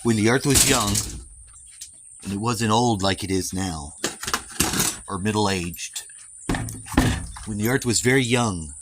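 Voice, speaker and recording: Low-voiced man spinning a crude tale. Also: very noisy. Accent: American, put on. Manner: playful, crude asides, drawn-out dramatic phrasing. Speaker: storyteller. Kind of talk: rambling spoken storytelling. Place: outdoors while walking.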